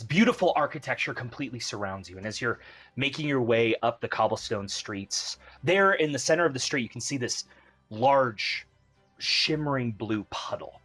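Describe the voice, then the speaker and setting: A man narrating a tabletop game as dungeon master, setting each scene in unhurried descriptive detail. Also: mid-range voice, fairly bright tone, breathy edge.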